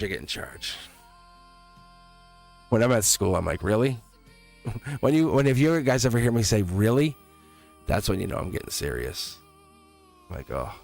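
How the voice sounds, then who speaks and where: A tarot reader with a fairly low, creaky voice hosts a live-stream reading. He's chatty and laughs often while answering his live chat.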